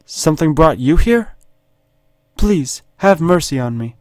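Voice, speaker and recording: A man voicing a chained woman in a horror text game, using a high, put-on British accent and pleading theatrically. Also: expressive, unhurried, a little mellow, dry recording. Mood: desperate.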